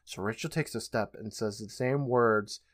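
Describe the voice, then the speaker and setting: A man's voice: on the low side, moderate pace, very noisy. A man hosting a podcast, recapping a TV episode in a loose, profane, sarcastic way. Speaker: podcast host.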